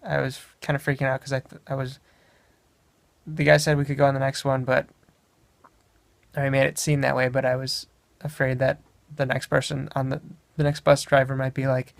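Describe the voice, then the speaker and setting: A man's voice: mid-range voice, little pitch movement, a little fast, gravelly, dry recording. A young man from Wisconsin, casually telling a travel story in a meandering way, often correcting himself. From Wisconsin, USA. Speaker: vlogger.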